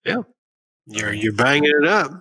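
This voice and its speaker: A man's voice: medium pitch, big pitch swings, moderate pace, pushed and bright, slightly rough, poor audio. Casual male game master running a tabletop game. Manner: casual, swears, narrates in bursts.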